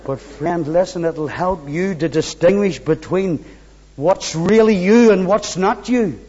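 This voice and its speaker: A man preaching a sermon, fervent, with quiet, low pleading asides. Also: a little slow, slightly rough. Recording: dull sound in a large reverberant hall.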